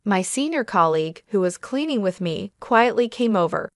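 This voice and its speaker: A woman reading a first-person story aloud in scripted narration, steady and measured. Her voice is mid-pitched and recorded dry and close. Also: dry recording.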